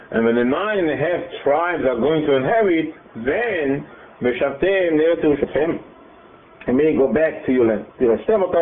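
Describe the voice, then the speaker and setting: Excitable man teaching a Bible class. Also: a little high. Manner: excitable, repeats words, acts out dialogue. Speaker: Torah teacher. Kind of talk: Bible class, explaining verses. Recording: tinny, echoey room with faint noise.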